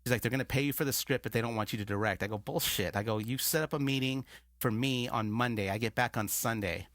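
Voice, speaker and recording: A filmmaker guest in a casual chat tells a long story at a quick pace, animatedly acting out the dialogue he quotes. His male voice is medium-pitched, and the studio-quality audio has no echo.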